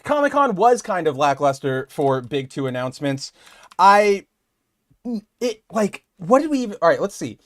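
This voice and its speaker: A man co-hosting a casual podcast, rambling and animated as he talks straight to viewers. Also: high-pitched. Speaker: podcast co-host. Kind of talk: casual chat.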